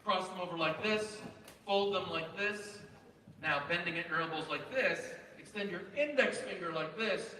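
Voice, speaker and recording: A man presenting to a large live student audience in an auditorium, energetic and animated as he directs the crowd. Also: sits high, normal speed, slight background noise. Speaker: event presenter. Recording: echoey hall, voice from far off.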